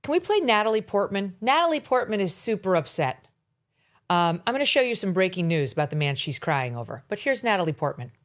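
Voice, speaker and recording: Brisk and very animated, this mid-range voice belongs to a middle-aged woman who hosts her own talk show. She delivers an opinionated monologue full of blunt, sarcastic takes on politics.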